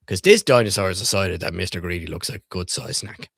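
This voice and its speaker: Low-pitched and fast, his voice has vocal fry, a slightly rough texture, and a bit of brightness, captured in a dry, studio-quality recording. He streams himself reading and reviewing children's books, cursing freely, joking irreverently, and quizzing his audience.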